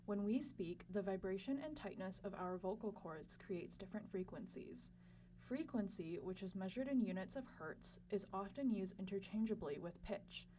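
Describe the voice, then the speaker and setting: A young woman presenting a scripted educational lesson in a clear, measured explanatory way. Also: medium pitch, expressive, mellow. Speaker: lab student presenter. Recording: slightly distant mic with faint hum.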